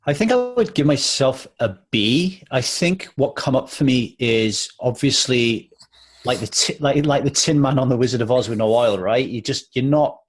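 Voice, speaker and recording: A man in a live therapy session practicing a role-play apology, speaking in a halting, earnest way with frequent restarts. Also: mid-range voice, animated, breathy edge. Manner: halting, self-correcting, earnest.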